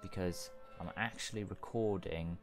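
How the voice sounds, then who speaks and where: A man's voice: low-pitched, a little slow, faint music behind. A man rambling through gaming commentary, laid-back and swearing often. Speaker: let's play gamer.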